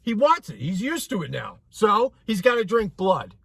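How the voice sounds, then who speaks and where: A man with a fairly high voice reviews a movie in casual chat. He rants with swearing and slips into voices for the characters as he retells the plot. The sound is dry and close, with no room echo. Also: normal speed, vocal fry, breathy edge. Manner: animated, profane, acts out characters mid-story.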